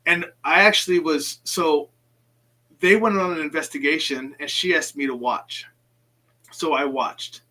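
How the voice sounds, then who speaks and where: A man's voice: on the high side, a little slow, bright, forceful tone, rough recording. A man hosting a casual chat, passing on stories with frequent ums. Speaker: host.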